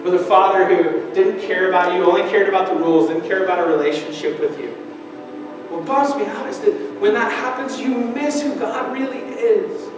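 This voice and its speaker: High-voiced male pastor in an echoing hall. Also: moderate pace, music in the background. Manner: earnest storytelling, rising to emphatic appeals. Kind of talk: sermon. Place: church sanctuary. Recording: echoey church hall, mic at a distance.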